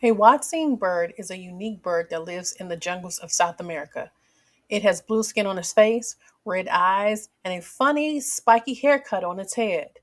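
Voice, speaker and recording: Woman teaching phonics to kids. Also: medium pitch. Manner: slow, clearly segmented words for kids. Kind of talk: children's phonics lesson.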